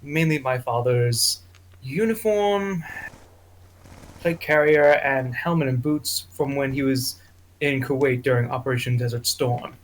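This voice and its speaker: Relaxed man playing a tabletop character. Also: mid-range voice, measured pace, low-quality recording. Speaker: player.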